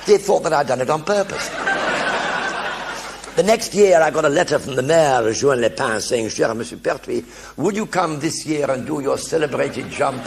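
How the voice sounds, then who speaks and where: Older storyteller, lively pitch, husky gravel; stage raconteur. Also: male voice, moderate pace. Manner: animated anecdotes with acted-out voices. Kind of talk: one-man show storytelling. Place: theatre stage with audience.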